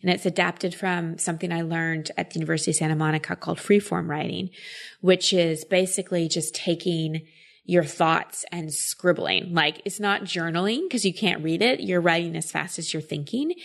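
A woman's voice: fairly low pitch, moderate pace, gravelly. A woman coach giving advice in a casual chat, explaining thoughtfully with frequent filler words.

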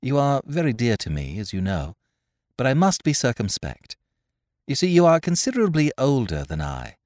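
A man voicing a naive young gentleman of twenty-one, formal, precise and stiffly polite. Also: mid-range voice, huge pitch swings, normal speed, dry recording, clean studio sound. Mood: earnest.

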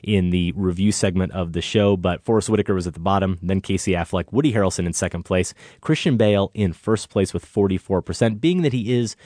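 A man's voice: deep voice, a little fast, hardly any pauses, a little mellow, dry recording, clean studio sound. A man co-hosting a film podcast in casual chat, with upbeat, announcer-like reads. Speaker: podcast co-host.

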